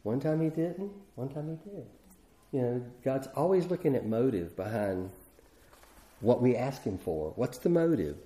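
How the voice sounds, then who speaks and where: A man's voice: mid-range voice, animated, normal speed, dark tone. A middle-aged man preaching a sermon in a conversational way, often restarting his sentences. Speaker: pastor.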